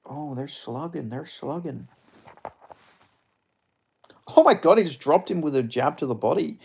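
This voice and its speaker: Gravelly excitable man. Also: on the high side, a little slow. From Australia. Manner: excitable, swearing, chatty reactions. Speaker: streamer. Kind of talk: live fight watch-along commentary.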